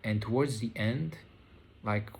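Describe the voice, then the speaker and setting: A man talking slowly and reflectively about his spiritual experiences, pausing often and restarting his sentences. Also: on the low side, gravelly, a little hiss or hum. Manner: slow, searching, full of fillers and restarts. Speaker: vlogger sharing spiritual experiences. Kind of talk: reflective casual monologue.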